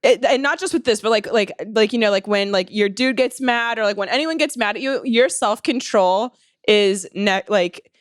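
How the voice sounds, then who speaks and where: A woman's voice: medium pitch, moderate pace, dry recording, clean studio sound. Chatty laughing woman co-host. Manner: chatty and laughing, heavy with filler words. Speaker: podcast co-host. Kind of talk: casual chat.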